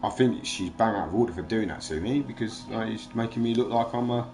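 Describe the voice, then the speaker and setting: A man's voice: lowish voice, a little fast, over music. A man in casual chat, rambling and agitated, swearing freely as he vents. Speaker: livestream host.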